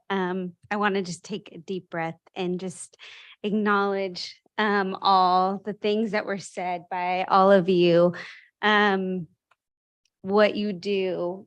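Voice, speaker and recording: A woman making measured, appreciative remarks at a school board meeting. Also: mid-range voice, clear, resonant tone, no echo.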